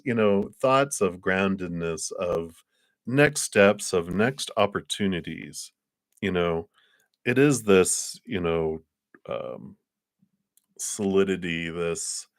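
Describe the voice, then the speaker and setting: A man giving a live tarot reading, musing his way through the cards with frequent soft chuckles and trailing pauses. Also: low-pitched, no room sound, studio quality. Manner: musing, meandering, chuckles often. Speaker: tarot card reader.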